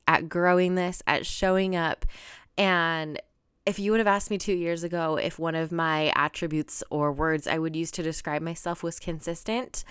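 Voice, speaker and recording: A young woman talks alone into a close mic for her podcast, bubbly and gushing. Her voice is smooth and fairly low for a woman, and the sound is dry with no room around it. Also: fairly bright tone, dry recording. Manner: bubbly, gushing, laughs and gasps often. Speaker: podcast host. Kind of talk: solo podcast monologue.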